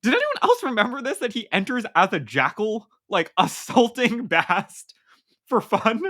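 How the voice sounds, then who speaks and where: A woman's voice: fairly high pitch, sing-song, moderate pace, fairly bright tone. A woman co-hosting a book podcast in casual chat, talking animatedly with lots of fillers and laughs, and sometimes reading passages aloud. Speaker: podcast co-host.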